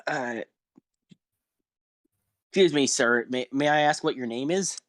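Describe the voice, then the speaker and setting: A man voicing an ancient, hunched old man who speaks haltingly, as if surprised and eager. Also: medium pitch, no echo, lightly acted. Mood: surprised, welcoming.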